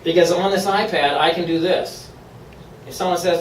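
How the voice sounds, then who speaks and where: A man from Maine giving an upbeat, persuasive sales pitch to a live room, laughing often. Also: steady tone, brisk, roomy sound, recorded from a distance, slight background noise, low-quality recording. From Maine, USA. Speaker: presenter at a sales meeting. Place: meeting room.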